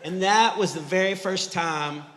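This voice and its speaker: A middle-aged man from Texas doing clean stand-up, an animated storyteller who acts out the voices in his stories. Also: sits high, measured pace. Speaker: stand-up comedian. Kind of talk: clean stand-up comedy with faith message. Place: church hall before a live audience. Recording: live church hall reverb.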